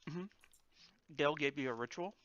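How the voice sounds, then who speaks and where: Bright-voiced man running a tabletop game. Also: a little high, moderate pace, no room sound, dull audio. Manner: casual, laughs often, curses. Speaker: game master.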